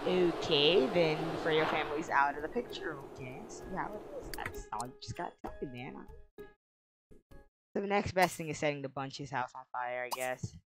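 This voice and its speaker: A woman's voice: deep voice, normal speed, noisy background. A young woman giving casual commentary as she plays a life-simulation game, often exasperated and talking back to it. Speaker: gaming video creator.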